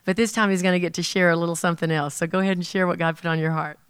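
A woman's voice: lowish voice, fairly even intonation, very fast, clear, resonant tone, no echo. A woman leading a church gathering, chatty, telling stories and introducing speakers. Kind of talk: casual church talk.

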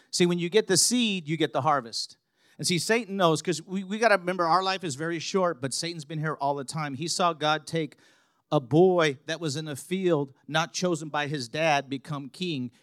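A man preaching a sermon, telling stories and building to loud, emphatic passages. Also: on the high side, no echo, studio quality.

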